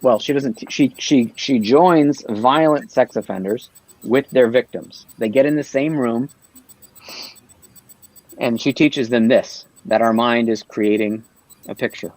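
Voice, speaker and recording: A man's voice: medium pitch, measured pace, darkish tone, dry recording, rough recording. A man talking earnestly on a livestream panel, explaining his ideas and often checking in with "right?".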